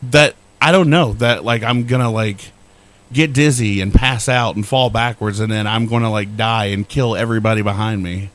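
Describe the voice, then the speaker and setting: A man's voice: on the low side, steady tone, moderate pace, a bit bright. A middle-aged man co-hosting a podcast, telling a rambling, profane, self-deprecating story in casual chat. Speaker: podcast co-host.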